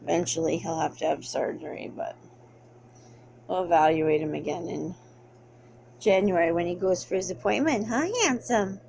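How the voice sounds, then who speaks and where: A woman's voice: on the low side, fairly even intonation, moderate pace, gravelly, pauses often, mellow, slight background noise. A woman talking to her pets at home in a casual vlog, slipping into cooing baby talk as she speaks for them. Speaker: pet vlogger. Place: home, indoors.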